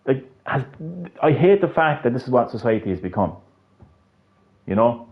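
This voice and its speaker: A man's voice: medium pitch, expressive, normal speed, pauses often, lo-fi sound. A young man with an Irish accent, hosting a casual gaming-channel livestream, rambling and swearing with many restarts. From Ireland.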